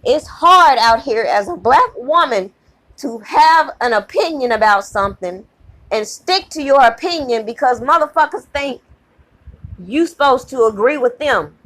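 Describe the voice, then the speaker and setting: A woman's voice: high-pitched, expressive, unhurried, fairly bright tone. Angry, profane woman ranting to her channel. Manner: heated, profane, emphatic, repeats herself. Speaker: channel host. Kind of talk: angry rant to camera.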